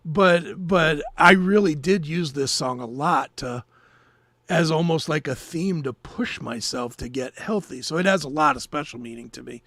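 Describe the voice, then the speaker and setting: A man co-hosting a podcast, telling a story in casual chat, animated and swearing freely. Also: fairly high pitch, normal speed, dry recording, studio quality. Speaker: podcast co-host.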